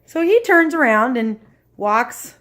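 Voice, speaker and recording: A woman telling a story to her camera at home, animated, acting out voices and sound effects. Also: high voice, slow pace.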